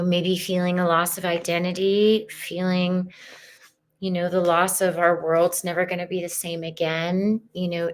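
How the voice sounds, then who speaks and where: A woman with a soft, earnest manner, giving a live spiritual tarot reading. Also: lowish voice. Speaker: tarot reader.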